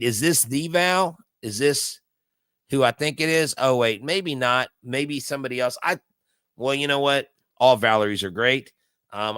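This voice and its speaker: A man's voice: mid-range voice, fairly bright tone, clear, resonant tone, no echo. Rambling man hosting a live stream. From Houston area. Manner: rambling and filler-heavy, many restarts. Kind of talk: casual live baseball watch-along and storytelling.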